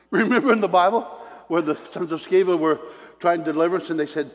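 A man's voice: sits high, quick pace. Storytelling preacher man in a reverberant hall. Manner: storytelling, chuckles between points, acts out quotes. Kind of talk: sermon with personal stories.

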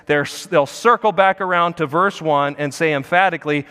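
A man preaching a sermon, earnest, swelling louder and slower on key phrases. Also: on the high side, smooth, big-room sound. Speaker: pastor. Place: church sanctuary.

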